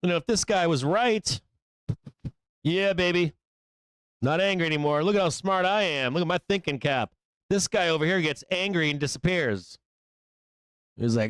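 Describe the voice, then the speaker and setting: A man's voice: on the high side, animated, normal speed, pauses often, fairly bright tone, smooth, no echo. A man hosting a live trading show, talking through the market in a blunt, rambling, profane way.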